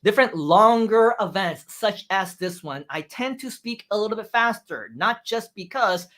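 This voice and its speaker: A man giving a livestream lesson on public speaking. His pitch swings widely and his energy runs high. He keeps tagging his points with "right?" and "you feel me?". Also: expressive, normal speed, a bit bright. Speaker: speaking coach. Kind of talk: livestream training talk.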